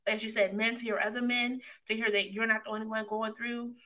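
A woman hosting a conversation over a video call, her voice high and bright. She speaks with eager enthusiasm, warmly affirming what her guest says. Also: little pitch movement, brisk. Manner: enthusiastic, affirming, laughs easily. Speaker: host. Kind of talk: casual chat.

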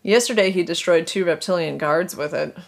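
A woman's voice: on the low side, a little fast, vocal fry. A woman reading as a blunt male pirate crewman. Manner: blunt, shouting.

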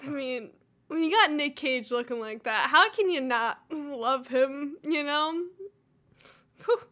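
A woman chatting on a podcast, her voice high and sharply bright. She laughs easily and gushes when something delights her, talking in a loose, excitable way. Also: takes it slowly. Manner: giggly, gushing. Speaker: podcast co-host. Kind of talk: casual chat.

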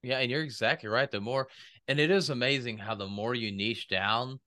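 A man's voice: mid-range voice, normal speed, pushed and bright. A man talking casually in a podcast conversation about speaking and business, and he acts out quoted voices.

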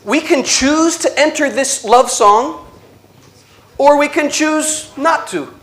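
A man giving an inspirational religious talk, telling stories slowly with dramatic pauses and a playful, animated delivery. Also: extremely high pitch. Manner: slow dramatic storytelling with pauses. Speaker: Catholic speaker.

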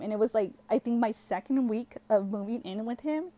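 A woman's voice: a little high, moderate pace, mellow. A young woman telling a personal story in a casual, chatty way, full of "like" and switching into Spanish now and then. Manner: chatty, heavy use of "like", switches between English and Spanish.

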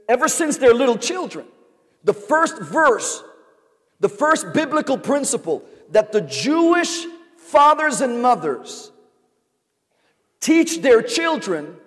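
High-voiced preaching man, slow and deliberate. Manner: call-and-response preaching, repeated rhetorical questions to the congregation. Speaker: pastor. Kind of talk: sermon. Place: large church sanctuary. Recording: long reverb of a large hall.

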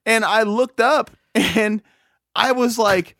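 A man's voice: high-pitched, slow pace, vocal fry, a bit bright, dry recording, clean studio sound. A man telling a rambling, profane story in casual chat, full of fillers and restarts.

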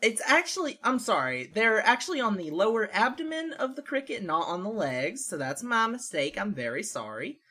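A woman's voice: medium pitch, big pitch swings, moderate pace, few pauses, sharp tone, breathy edge. A woman co-hosting a comedy podcast, lecturing earnestly in a goofy way. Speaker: podcast co-host. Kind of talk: casual comedy podcast chat.

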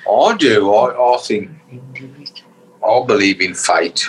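Slow-talking middle-aged man. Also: lowish voice, lively intonation, a little hiss or hum, rough recording. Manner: slow, unhurried, hesitant. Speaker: podcast co-host. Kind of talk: casual family podcast chat.

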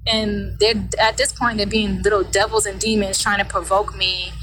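A woman's voice: mid-range voice, fairly even intonation, normal speed, hardly any pauses, sharp tone, slight background noise, rough recording. A young woman casually recounting a personal story in a heated, conversational way, acting out what people said. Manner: casual, heated retelling with quoted voices.

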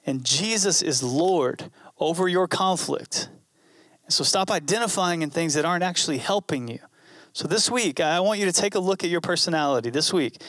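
A man's voice: a little high, expressive, moderate pace, fairly bright tone, no room sound. Earnest man preaching in a dry room. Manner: earnest, conversational preaching with repeated phrases. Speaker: pastor. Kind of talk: sermon.

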